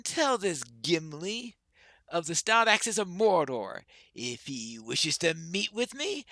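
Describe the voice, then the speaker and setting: A man's voice: high-pitched, pushed and bright, dry recording, pitched above the performer's own voice, heavily acted. A man voicing a wary, grave male dwarf leader who speaks in a solemn, old-fashioned way.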